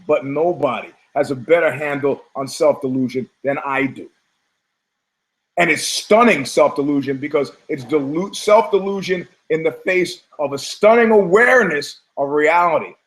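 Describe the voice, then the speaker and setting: Rambling, emphatic, high-voiced man. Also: fairly bright tone. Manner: rambling, emphatic, swears, stumbles on words; mimics other people in quick asides. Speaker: podcast host. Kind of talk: opinionated monologue.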